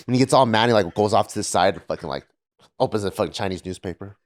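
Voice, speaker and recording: A man's voice: on the low side, racing. Swearing man telling a family story. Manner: animated storyteller, swears freely, acts out his dad. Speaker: podcast co-host. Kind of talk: casual chat, storytelling.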